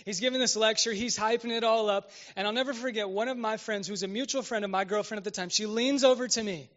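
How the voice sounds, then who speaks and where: Young man, pastor, sermon, conversational, keeps checking in with listeners, fairly high voice, slightly muffled recording. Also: fast talker, fairly bright tone.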